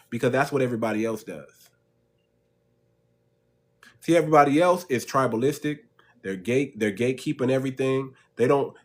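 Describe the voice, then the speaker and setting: A man hosting a livestream and talking straight to his viewers, calling them family. He is emphatic and preachy, and he hammers his points home by repeating them. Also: medium pitch. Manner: emphatic and repetitive, preaching to the audience; addresses listeners as family. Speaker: channel host. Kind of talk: livestream commentary.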